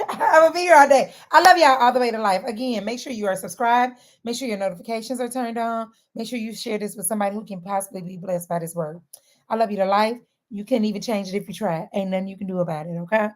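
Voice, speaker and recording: A woman talking straight to her viewers in a lively, sermon-like way, mixing casual slang and laughter into faith-based wellness advice. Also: mid-range voice, fast talker. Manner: animated, sermon-like, southern-inflected slang with frequent laughs. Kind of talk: lively preachy direct-to-camera talk.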